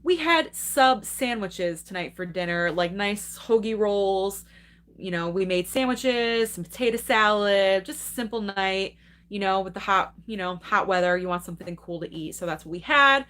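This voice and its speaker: A woman's voice: mid-range voice, expressive, normal speed, a bit bright. A young adult woman hosting a live movie stream, chatting casually and enthusiastically while reading and answering viewer comments, laughing often.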